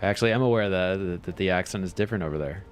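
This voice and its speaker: A man's voice: sits low, fast, faint music behind. A man chatting casually while streaming a game, rambling along and chuckling often. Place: home.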